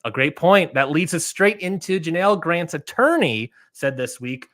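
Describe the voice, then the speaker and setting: Male podcast co-host, casual, full of fillers and restarts; higher voice, dry close mic. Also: big pitch swings, moderate pace, a bit bright, no room sound. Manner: rambling, many fillers and restarts. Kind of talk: casual chat.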